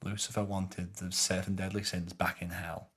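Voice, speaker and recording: A man's voice: low voice, flat delivery, normal speed, a bit bright, slightly rough. A man, telling rambling, sweary stories as a podcast co-host. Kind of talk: casual podcast chat.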